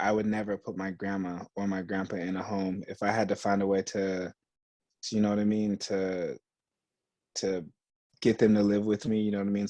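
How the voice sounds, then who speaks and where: A young male podcast co-host speaks in a low, darkish voice with no echo. Chatting casually, he tells a story with acted-out quotes, plenty of slang, and unrestrained swearing.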